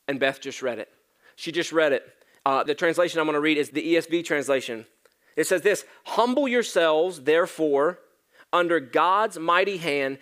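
A man preaches in a church, casual and conversational, swelling into emphatic lines and then falling hushed. His voice sits a little high for a man. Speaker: pastor. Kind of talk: sermon.

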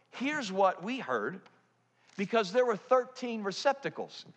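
A man preaching a sermon as pastor, dramatic, swinging between loud stretches and hushed ones. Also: sits high, very animated, moderate pace. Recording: long hall reverb.

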